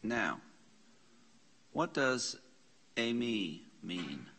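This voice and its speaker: A man leading a Bible study class, slowly sounding out Greek words, repeating them and questioning his students. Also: lowish voice, big pitch swings, pushed and bright, reverberant. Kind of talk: slow, explanatory Greek lesson. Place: church classroom.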